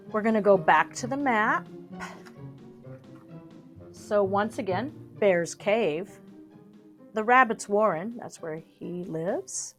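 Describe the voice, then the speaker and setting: A woman's voice: medium pitch, animated, slow, long pauses, fairly bright tone, soft background music. A young adult woman reading a storybook aloud, with chatty asides to young listeners. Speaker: reader.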